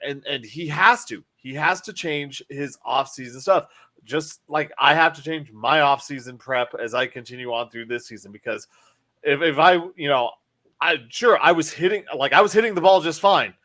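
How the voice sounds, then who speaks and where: A man's voice: on the high side, normal speed, bright, forceful tone. A man hosting a casual sports podcast, rambling and emphatic, often restarting his sentences. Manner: rambling, self-correcting, emphatic. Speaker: podcast host.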